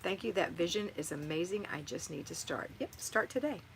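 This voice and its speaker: A middle-aged woman with a lowish voice hosts a live stream. She reads viewer comments aloud and answers them with warm, motherly encouragement. Faint noise hums underneath. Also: lively intonation, fairly quick, gravelly, poor audio. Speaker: livestream host answering viewer chat. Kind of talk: live-stream chat and home advice.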